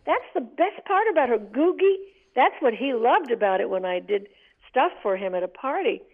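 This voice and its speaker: Older actress on a tinny phone line. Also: female voice, on the high side, normal speed. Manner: animated, laughing, storytelling. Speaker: guest, actress. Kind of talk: interview on a call.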